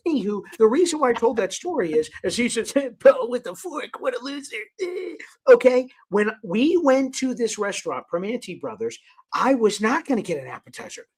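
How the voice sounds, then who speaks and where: A man's voice: very animated, normal speed, slightly rough. A man hosting a sports talk show, telling an exasperated story in casual banter. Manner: exasperated, swings from low mutters to loud outbursts. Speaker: host.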